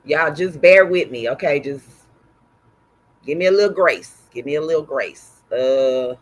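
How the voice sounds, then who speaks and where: A woman's voice: sits low, measured pace. A woman with a Texas accent and a sore throat, hosting a casual embroidery livestream and chatting with viewers by name.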